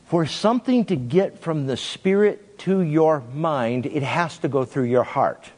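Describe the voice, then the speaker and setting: High-pitched guy preaching, jumps around a lot, big reverby room. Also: a little slow. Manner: animated preaching with sudden shifts in pitch and pace. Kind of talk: sermon.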